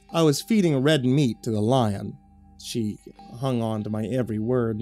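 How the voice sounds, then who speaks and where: A man reading a horror story as narrator, measured and low-key, on a close studio mic. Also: mellow.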